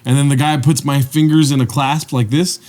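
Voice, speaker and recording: A man's voice: mid-range voice, fairly quick. A man, co-hosting a casual podcast and telling stories with lots of swearing and acted-out voices. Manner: animated, swears freely, acts out quoted voices. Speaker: podcast co-host. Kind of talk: casual chat, storytelling.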